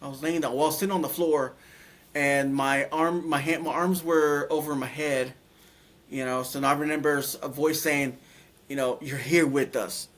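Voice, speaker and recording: Brief: middle-aged man, slightly high voice, halting casual storyteller full of fillers. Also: fairly even intonation, fairly bright tone. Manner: halting, many fillers and restarts. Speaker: interview guest.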